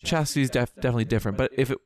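A man co-hosting a podcast in casual chat, teasing and joking with his co-host. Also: medium pitch. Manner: teasing, playful, quick with jokes.

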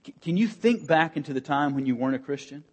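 A man preaching a sermon as pastor, earnest and emphatic, with pauses and rising emphasis. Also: fairly high pitch, expressive, husky.

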